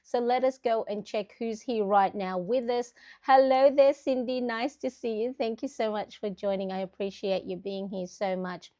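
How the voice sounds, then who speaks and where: A woman's voice: on the high side, moderate pace, mellow. A middle-aged woman hosting a casual live stream, chatting and greeting viewers by name. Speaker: planner channel host.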